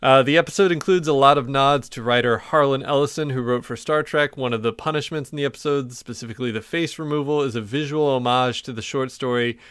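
A man co-hosting a podcast in a casual, chatty way, reading trivia notes aloud and joking along. He grew up in the American South. His voice is mid-pitched and sits close and dry, with little room sound. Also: fast talker, few pauses, fairly bright tone, clear, resonant tone, dry recording. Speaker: podcast co-host. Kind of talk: casual chat.

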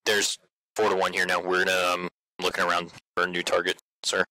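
A man's voice: low-pitched, completely flat delivery, fairly quick, pushed and bright, no room sound, poor audio. A man on game voice chat, reporting to his commander in a blunt, joking, profane way.

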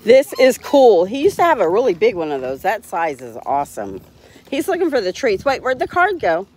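A woman's voice: mid-range voice, huge pitch swings, moderate pace, a little mellow, slight background noise. A woman hosting a casual livestream, talking cheerfully to her dogs and laughing often. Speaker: dog owner hosting a livestream.

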